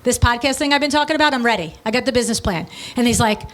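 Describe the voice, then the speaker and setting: A middle-aged woman with a high voice tells a story in a casual, animated way. She is blunt and breezy and throws in quick asides as she goes. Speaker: podcast host and business owner.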